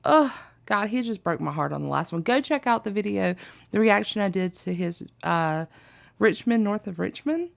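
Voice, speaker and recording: Young woman, reaction vlogger, gravelly fry, chatty and rambling. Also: mid-range voice, expressive, moderate pace. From Alabama, USA. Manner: chatty and rambling, with many ums and likes. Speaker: reaction video host. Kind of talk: casual reaction vlog chat.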